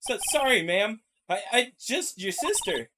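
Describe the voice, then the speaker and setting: Eager, apologetic young woman investigator, read by a streamer, animated, near-natural voice. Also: mid-range voice, unhurried, noisy background.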